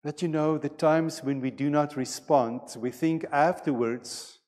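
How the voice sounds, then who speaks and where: A man preaching a sermon as pastor, with a measured and deliberate delivery in a church sanctuary. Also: a little high, a little mellow. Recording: long reverb of a church hall.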